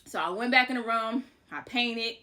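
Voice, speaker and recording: Bright, chatty woman telling a story. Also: on the high side, moderate pace. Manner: animated, chatty, swears freely. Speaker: vlogger, house painter. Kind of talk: casual storytime.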